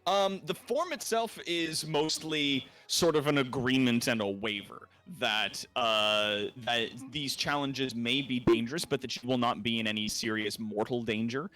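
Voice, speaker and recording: A man narrating a tabletop role-playing game as game master, often pausing on fillers. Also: mid-range voice. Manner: lively, hesitant with fillers.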